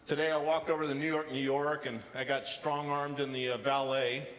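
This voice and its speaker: A man's voice: mid-range voice, a little fast. Man doing stand-up in a live hall. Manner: deadpan storytelling with acted-out quotes. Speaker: stand-up comedian. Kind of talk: stand-up comedy set. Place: casino showroom stage. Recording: live hall reverb with faint ambience.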